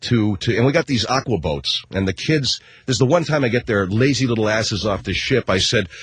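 Middle-aged male talk host, rambling sarcastic comic rant, husky and very animated in pitch. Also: fairly quick, no room sound. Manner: rambling, sarcastic, swears casually, self-interrupting. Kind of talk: comedic rant monologue.

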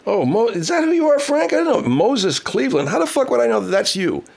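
A man's voice: extremely high pitch, very animated, fast talker, gravelly, darkish tone. A man hosting a casual livestream, reading viewer comments, swearing heavily and ranting angrily. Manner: baby talk to his pet cat. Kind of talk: casual profane livestream chat.

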